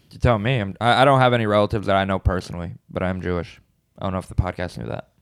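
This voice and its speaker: A man co-hosting a podcast, telling laid-back stories with deadpan jokes in casual comedic chat. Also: fairly low pitch, fast, smooth, no room sound, clean studio sound. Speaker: podcast co-host.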